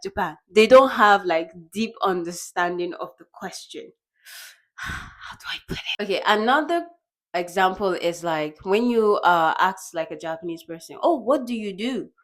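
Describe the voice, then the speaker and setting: A young woman from Nigeria talking casually to the camera in a vlog, chatty and lively, acting out little bits of dialogue. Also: medium pitch, normal speed. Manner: chatty, animated, acts out quoted dialogue with laughs. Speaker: vlogger. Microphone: small bought microphone.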